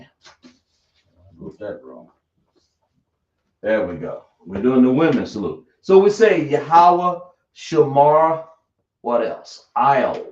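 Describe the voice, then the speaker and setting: A man leads a class at an unhurried pace, breaking words into sounds and asking his students questions. The recording is roomy and muffled. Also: lowish voice. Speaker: teacher. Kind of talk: classroom lesson.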